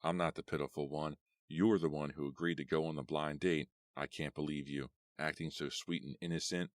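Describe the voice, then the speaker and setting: Peevish young male vampire, read by a deep-voiced man. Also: steady tone, fairly quick, dry recording, clean studio sound. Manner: sulky and snappish. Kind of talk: audiobook character voice.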